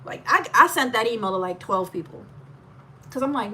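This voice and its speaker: A woman telling her own story in a candid vlog, animated and laughing often, full of asides. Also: a little high, moderate pace, a little hiss or hum. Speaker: vlogger.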